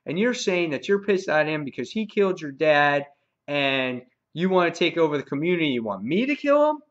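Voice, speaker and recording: A man's voice: fairly high pitch, sing-song, brisk, dull audio. A man voicing a cocky, brutal grown-man villain who talks in swaggering, mocking slang. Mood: menacing.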